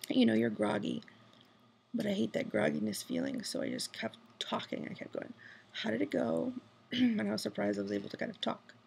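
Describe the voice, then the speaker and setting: A woman's voice: mid-range voice, lively intonation, moderate pace, gravelly, a little mellow, a little hiss or hum. A woman whispering a rambling video diary at night from a hospital room, full of fillers. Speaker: vlogger. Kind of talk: hushed personal video diary.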